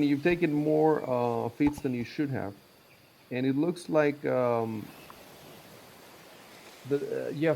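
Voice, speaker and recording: Male game master, halting delivery, slightly raised pitch, faint noise. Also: warm tone, rough recording. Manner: hesitant, many fillers and restarts. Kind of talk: tabletop game rules talk.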